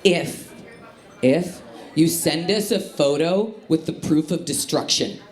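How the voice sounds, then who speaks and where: A woman from the Chicago area doing a stand-up comedy set on a club stage, with a punchy, lively delivery. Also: low-pitched, slow. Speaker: stand-up comic. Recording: live club with echo and crowd laughter. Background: laughing audience.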